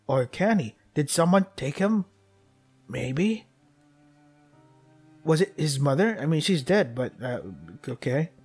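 A young man commentating his gameplay, joking, excitable, and talking to the characters on screen. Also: fairly high pitch, slow, pauses often, husky, faint music behind. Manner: joking, excitable, talks to the game characters, laughs often. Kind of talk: let's play commentary.

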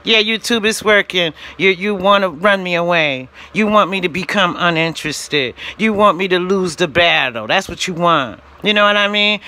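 A woman ranting to camera on her own channel, indignant and emphatic, repeating herself and rising at times to shouts. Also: medium pitch, normal speed, hardly any pauses. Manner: direct address to the platform, repeating phrases. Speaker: channel owner vlogging. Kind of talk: ranting vlog monologue.

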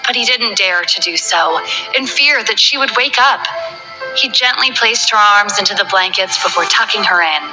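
A woman's voice: medium pitch, normal speed, rough recording. Woman narrating a romance novel over music. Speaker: audiobook narrator. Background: background music.

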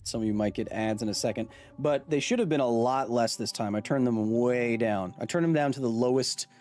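A man's voice: mid-range voice, fairly quick, a little mellow. A man hosting a live game stream, rambling and joking with his chat as he plays. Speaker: streamer and science host.

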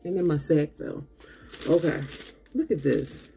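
A woman vlogging a makeup unboxing who gushes and talks straight to her viewers, tired and low on energy. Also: unhurried, vocal fry, mellow, faint music behind. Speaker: beauty vlogger. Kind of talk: casual unboxing chat.

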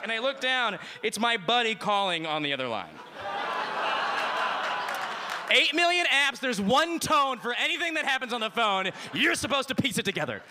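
A man doing a stand-up routine, telling a self-deprecating story with halting restarts. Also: sits high, sing-song, pushed and bright. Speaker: stand-up comedian. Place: comedy club stage with live audience. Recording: live club recording with crowd and noise.

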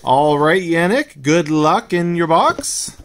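A man's voice: on the high side, animated, slow, fairly bright tone. Easygoing man rambling with fillers. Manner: rambling, many filler words. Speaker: host opening card packs. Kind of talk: casual card-opening chat.

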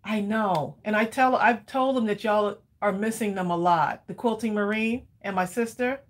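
A woman's voice: medium pitch, moderate pace. A woman hosting a casual live crafting stream at home, chatty and rambling with many ums and easy laughter. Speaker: livestream crafting host.

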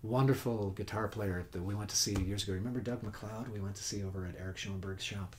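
A man's voice: on the low side, steady tone, quick pace, a little mellow, slight background noise. A man teaching guitar on a casual webcast, folksy and chatty, counting beats and humming notes as he plays. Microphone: home webcast mic. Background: own guitar playing.

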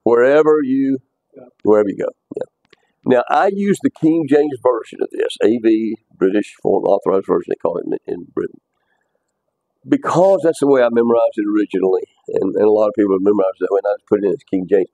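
Mellow-voiced male bible teacher. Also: on the low side, quick pace, no room sound, highs cut off. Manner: conversational, repeats words, quizzes students. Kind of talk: classroom teaching.

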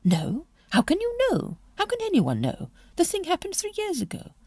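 Woman voicing a shrill flustered duchess. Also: wildly swooping pitch, moderate pace, a little mellow, dry recording, full character voice. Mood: agitated. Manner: shrill, agitated, exclaiming. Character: flustered aristocratic duchess, middle-aged aunt.

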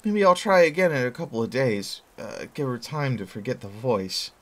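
A man voicing a nervous, eager teenage boy who talks in a shy, excitable way. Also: moderate pace. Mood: sheepish. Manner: shy, excitable, voice jumping high.

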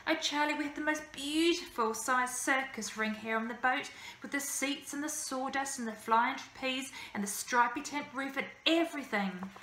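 A woman's voice: sits high, moderate pace, few pauses, sharp tone, roomy sound, slight background noise, low-quality recording. A woman voicing a kindly middle-aged bearded lady from a circus, speaking coaxing broken English. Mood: warm.

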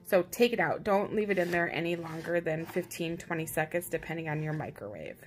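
A woman's voice: fairly low pitch, brisk, faint music behind. A woman hosting her own vlog, chatting casually and upbeat with a self-teasing streak as she walks through a how-to in her home kitchen. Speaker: parent and vlog host.

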